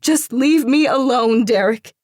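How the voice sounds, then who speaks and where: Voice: medium pitch, measured pace, dry recording, studio quality, voice pushed up, natural voice. An audiobook narrator voicing a hurt, angry young woman in a tearful, accusing tone. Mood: distraught.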